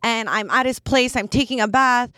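A young woman, host of a casual podcast, talks fast and candidly with a fairly high voice. She leans on filler words as she tells her stories, and the sound is dry and close, with no room around it. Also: steady tone, bright, forceful tone, clean tone, no echo. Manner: chatty, candid, quick, full of "like" fillers. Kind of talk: casual storytelling chat.

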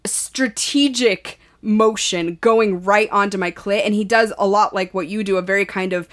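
A woman's voice: mid-range voice, steady tone, moderate pace, fairly bright tone. A woman co-hosting a podcast, telling a personal story in a frank, chatty way with crude language. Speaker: podcast co-host. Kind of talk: candid casual chat.

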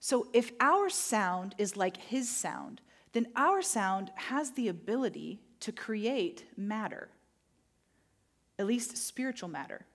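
A woman preaching a sermon, telling stories vividly and slowing down to stress key points. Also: medium pitch. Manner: animated storytelling, acting out moments; slow emphatic phrasing on key points. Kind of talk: sermon with personal storytelling.

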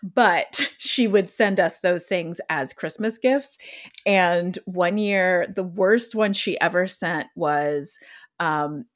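A woman's voice: on the low side, slow pace. A woman hosting a podcast in casual chat, easygoing and giggling often as she talks. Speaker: podcast host.

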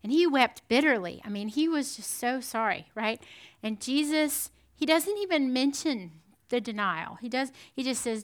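A woman giving a sermon in a conversational, animated storytelling manner, often checking in with the listeners. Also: high voice, moderate pace. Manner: animated storytelling with frequent "right?" asides. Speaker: preacher.

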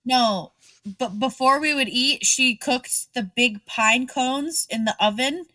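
A woman's voice: high voice, slow pace, sharp tone, no room sound, far from the mic. A woman co-hosting a podcast in casual chat, joking and blunt, swearing freely. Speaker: podcast co-host.

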